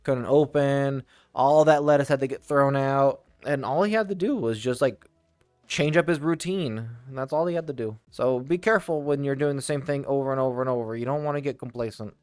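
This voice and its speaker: A man telling casual stories from his old job, rambling with frequent restarts and tangents and laughing quickly now and then. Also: medium pitch, a little mellow, smooth, no room sound, soft background music. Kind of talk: casual storytelling.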